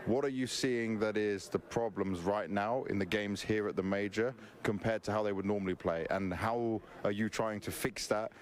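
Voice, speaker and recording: A man's voice: lowish voice, fairly even intonation, moderate pace, few pauses. A man interviewing an esports coach, asking friendly, rambling multi-part questions. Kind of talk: post-match interview.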